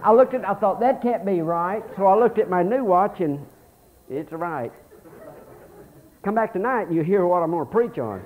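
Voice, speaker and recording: A pastor preaching a sermon, telling folksy stories and reading scripture aloud with animation. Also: male voice, high-pitched, very animated, moderate pace, phone-quality sound.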